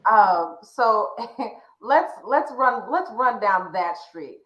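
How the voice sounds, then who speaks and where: A woman hosting a faith conversation, asking probing questions with some gentle teasing. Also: medium pitch, lively intonation, slow. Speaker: podcast host. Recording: roomy dull-sounding audio.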